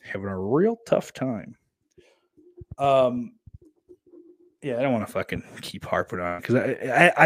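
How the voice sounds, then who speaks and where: A man's voice: mid-range voice, animated, measured pace, pauses often, a bit bright, no room sound. A young man streaming live, reading chat messages aloud and rambling bluntly about wrestling with lots of swearing, close to a desk mic. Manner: blunt, profane, rambling with restarts and laughs.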